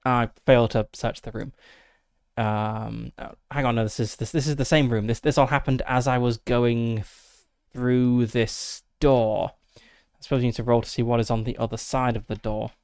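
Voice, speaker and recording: A man's voice: mid-range voice, little pitch movement, moderate pace, darkish tone, clear, resonant tone, no echo. A man casually narrating his solo tabletop game, methodically thinking aloud through dice rolls and rules with frequent fillers, into a close desk mic.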